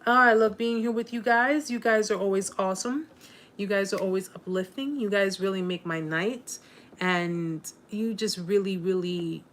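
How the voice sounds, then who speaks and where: A woman at a medium pitch hosts a casual live chat with her viewers. She is warm, encouraging, and openly emotional, rambling along with lots of fillers and restarts.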